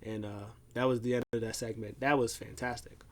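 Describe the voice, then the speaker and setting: A man's voice: mid-range voice, steady tone, a little fast. Rambling man recapping wrestling casually. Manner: rambling, filler-heavy storytelling. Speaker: wrestling show recap host.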